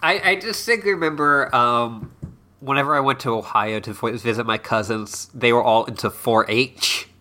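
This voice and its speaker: A man's voice: medium pitch, normal speed, sharp tone. A man from Florida co-hosting a podcast, chatting casually and leaning on 'like' as he rambles. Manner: rambling, heavy use of 'like'. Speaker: podcast co-host. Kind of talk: casual chat.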